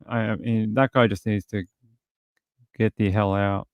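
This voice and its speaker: A man's voice: on the low side, flat delivery, measured pace, pauses often, no echo. An Australian man hosting a casual true-crime livestream, speaking bluntly and with indignation as he reads viewer comments aloud. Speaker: livestream host.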